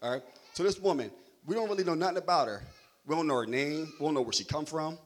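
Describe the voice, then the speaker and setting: A man's voice: a little high, quick pace. A young adult man preaching a sermon in a loose, joking, conversational way, checking in with "right?" after nearly every point.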